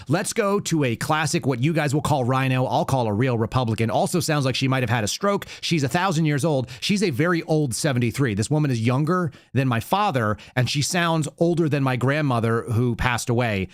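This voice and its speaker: A man's voice: mid-range voice, no echo, clean studio sound. Sarcastic male podcast host. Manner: sarcastic, blunt. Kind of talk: casual political commentary.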